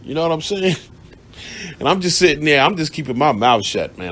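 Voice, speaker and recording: A man's voice: a little high, big pitch swings, a little fast, fairly bright tone. A man hosting a radio show, telling a story in a casual, blunt, profane monologue and laughing along the way.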